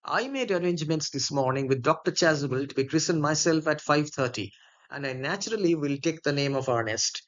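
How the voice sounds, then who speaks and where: Jack, a man reading an exasperated young gentleman. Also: on the high side, a little fast, dull audio, close to an everyday voice. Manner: plain read-aloud delivery, little voicing.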